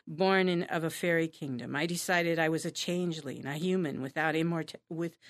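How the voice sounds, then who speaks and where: A woman's voice: low voice, normal speed, dry recording, clean studio sound. A woman reading as a brooding young male poet. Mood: impassioned. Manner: dramatic, impassioned reading.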